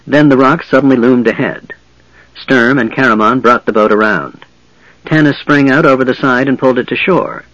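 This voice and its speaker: A man reading a fantasy novel aloud in steady, measured scripted narration. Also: medium pitch, no room sound, lo-fi sound. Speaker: audiobook narrator.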